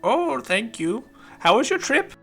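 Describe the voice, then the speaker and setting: A man's voice: very high voice, sing-song, a little slow, vocal fry, a bit bright, breathy edge, faint music behind, voice pushed up, exaggerated voice. A man doing a chirpy little dwarf woman. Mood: cheerful. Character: chirpy short old dwarf woman, cat lover.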